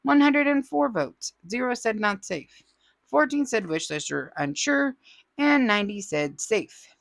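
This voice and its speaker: Chatty woman host with a bouncy, lively voice. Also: on the high side, a little slow, vocal fry, no room sound. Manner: chatty, playful, teasing asides. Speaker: host of a crafting channel. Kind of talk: casual chat reading viewer comments.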